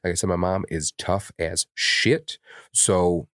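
Deep-voiced man, blunt and profane. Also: steady tone, takes it slowly, fairly bright tone, no room sound, clean studio sound. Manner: blunt and heavily profane, openly emotional. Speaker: podcast co-host. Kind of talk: candid casual podcast chat.

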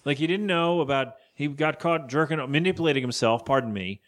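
A man co-hosting a casual podcast, rambling through an episode recap and acting out characters' lines. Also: fairly high pitch. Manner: rambling, acts out characters' lines in quick voices. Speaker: podcast co-host.

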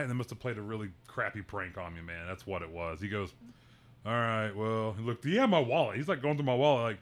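A man's voice: lowish voice, quick pace. Man telling a story with animation. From Fairfax, Oklahoma. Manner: animated storyteller, acts out quotes, swears. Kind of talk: casual storytelling.

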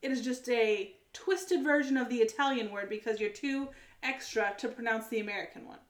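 Emphatic higher-voiced woman co-host. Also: roomy sound. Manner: emphatic, drawn-out opinionated rants. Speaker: podcast co-host. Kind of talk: casual chat.

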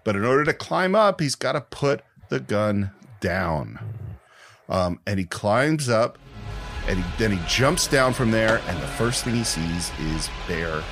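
A man co-hosting a film podcast, telling behind-the-scenes stories in an animated way and laughing often. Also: fairly low pitch, measured pace, soft background music. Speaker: podcast co-host. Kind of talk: casual film discussion.

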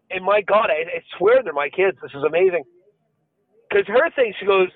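A man's voice: high voice, moderate pace, dry recording. A man co-hosting a podcast, telling a story with lots of swearing and laughter in casual chat. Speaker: podcast co-host. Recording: dry, phone-like lo-fi sound.

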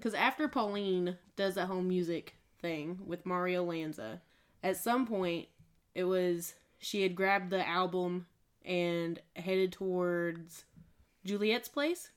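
A woman's voice: fairly low pitch, takes it slowly, clear, resonant tone. Giggly woman podcast co-host. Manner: giggly, narrates scenes vividly. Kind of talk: casual film discussion.

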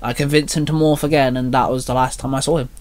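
A man voicing a middle-aged mother calmly explaining a loss, steady and supportive. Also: mid-range voice, fast, close to an everyday voice.

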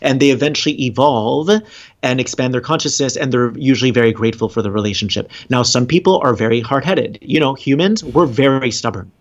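A man's voice: mid-range voice, a little fast. A man talking earnestly about relationships and spirituality as a podcast guest, rambling and laughing often. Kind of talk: casual podcast conversation. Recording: dull lo-fi sound.

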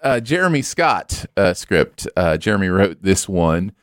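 Animated man hosting a podcast. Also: sits low, unhurried, no room sound, clean studio sound. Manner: animated, laughing storyteller. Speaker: podcast host. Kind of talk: casual chat.

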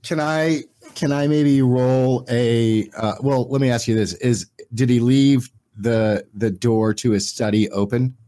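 A man's voice: medium pitch, fairly even intonation, a little slow, hardly any pauses, warm tone. A man playing in a tabletop game, thinking aloud and hesitating as he describes his moves. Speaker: player. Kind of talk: tabletop role-play.

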